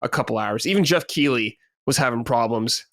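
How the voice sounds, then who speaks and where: A man's voice: medium pitch, fairly quick, a bit bright, no echo, studio quality. A man co-hosting a gaming podcast, telling a story in casual chat and swearing freely. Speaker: podcast co-host.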